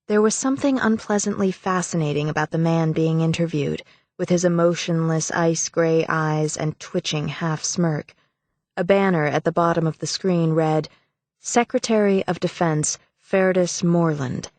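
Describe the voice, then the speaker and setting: A woman reading an audiobook as a measured, even narrator. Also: deep voice, no echo. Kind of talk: scripted narration.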